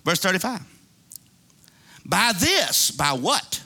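Bright-voiced man preaching a folksy sermon. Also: high voice, big pitch swings, slow pace, husky. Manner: preaching with call-and-response and playful asides, acting out prayers; folksy colloquial speech. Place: church sanctuary.

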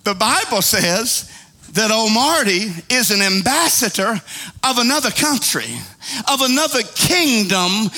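A middle-aged male preacher with a strikingly high voice, delivering a fiery, folksy sermon. His tone is sharp and tense, and he calls out to the congregation for answers. He swings from emphatic shouts down to hushed pleading. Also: animated, unhurried. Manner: call-and-response with the congregation; folksy, plain-spoken.

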